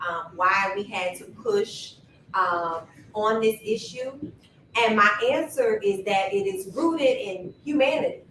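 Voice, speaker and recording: Slow, measured woman on a panel. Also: medium pitch, expressive, fairly bright tone, a little hiss or hum. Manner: measured, reflective, builds argument step by step. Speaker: panel speaker, school builder. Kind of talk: deliberate panel answer. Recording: echoey room from a distance.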